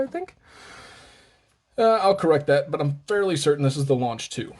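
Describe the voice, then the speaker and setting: A man's voice: fairly high pitch, very animated, normal speed, pauses often, a little mellow. A man hosting a casual show-and-tell vlog, chatty and rambling, often correcting himself, slightly out of breath. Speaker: host of a knife and gear channel.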